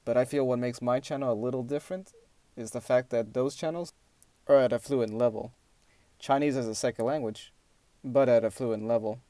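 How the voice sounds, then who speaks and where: A man's voice: mid-range voice, mellow, dry recording. A man teaching a beginner language lesson with patient explanations, modeling sounds aloud. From English-speaking country. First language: English. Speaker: language channel host.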